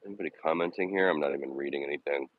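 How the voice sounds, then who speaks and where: A man's voice: very deep voice, racing, no echo, narrow, tinny audio. A man live-streaming while walking his dogs outdoors, talking casually and bluntly, with sarcasm and frequent swearing. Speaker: vlogger live-streaming a dog walk. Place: outdoors on a city walking path.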